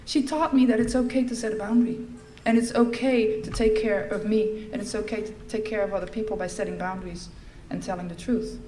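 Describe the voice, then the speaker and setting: A middle-aged woman giving a personal testimony at a recovery fellowship event, telling her story in a lively way and acting out the lines she quotes. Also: mid-range voice, brisk, hardly any pauses, slight background noise. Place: large event hall. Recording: echoey hall with faint ambience.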